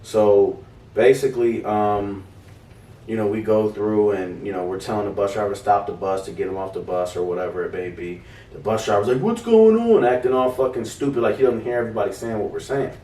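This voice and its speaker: His voice is on the low side and brisk. A young adult podcast co-host, he narrates a story casually and animatedly, swearing plenty and doing voices for those he quotes, all picked up by a distant mic in a roomy space.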